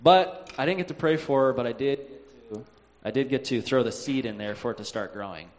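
A man telling a personal faith story in a halting way, with frequent "uh"s, sighs and restarts. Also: medium pitch, a little hiss or hum.

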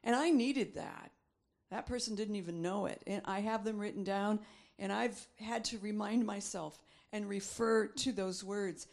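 A woman's voice: mid-range voice, a little slow, gravelly, a little mellow. A middle-aged woman preaching a sermon, reading scripture aloud and repeating phrases for emphasis.

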